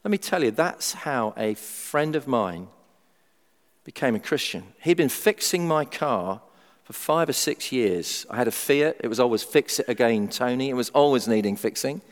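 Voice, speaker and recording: Animated male preacher in a reverberant hall. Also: mid-range voice, normal speed. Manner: animated, humorous, acts out everyday voices. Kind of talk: sermon.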